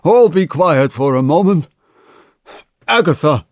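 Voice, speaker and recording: Shaken old storybook banker, high and shaky, man narrator voicing. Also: big pitch swings, moderate pace, darkish tone, dry recording, clean studio sound. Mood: shaken alarm. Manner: shaky, groaning. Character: old male banker, proud, now shaken.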